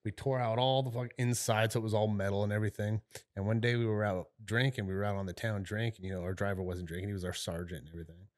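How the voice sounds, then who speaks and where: A middle-aged podcast co-host tells a long, rambling story in a casual way, swearing freely and peppering it with "right?" and "you know". His voice is on the low side, steady in tone, and quick.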